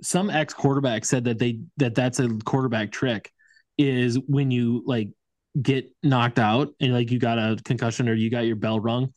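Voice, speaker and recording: A male podcast co-host in casual sports chat, telling stories and retelling scenes as he goes. His voice is recorded close and dry, with no room sound. His pitch sits at an average middle level. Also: steady tone, a little mellow, no echo. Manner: storytelling, retells scenes with quick asides.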